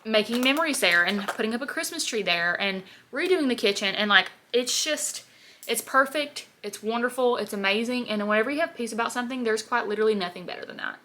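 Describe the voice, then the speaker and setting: A beauty vlogger in her twenties talks a little fast in a higher, pushed, bright voice. Her get-ready-with-me chat is casual and meandering, peppered constantly with "like".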